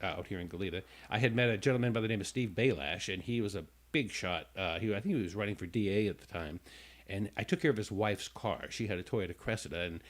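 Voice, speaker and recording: A man's voice: on the low side, fast. A man hosting a radio talk show who tells a long personal story casually, with stumbling restarts, and acts out the people in it.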